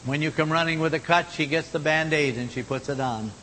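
A man preaching a sermon in a folksy manner, moving between loud exhortation and hushed, low tones. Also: fairly quick. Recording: long hall reverb, faint rumble.

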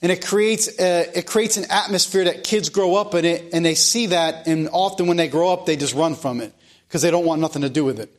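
A man with a fairly high voice preaches a sermon. He speaks earnestly and leans on repetition to press his points. His delivery is plain and direct. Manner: earnest preaching, repeats phrases for emphasis. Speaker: pastor.

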